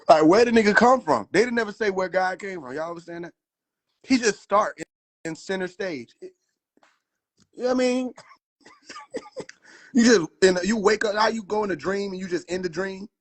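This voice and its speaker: A man's voice: sits high, animated, normal speed, pauses often, fairly bright tone. A man riffing in a casual livestream, profane, slangy and laughing often. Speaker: livestream host.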